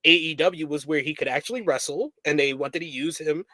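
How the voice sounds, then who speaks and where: A man with a slightly high voice chats casually as a show co-host, reading viewer messages aloud and breaking into laughter often. His voice is recorded close and dry. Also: a little fast, bright, forceful tone, no room sound. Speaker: co-host of a wrestling review show.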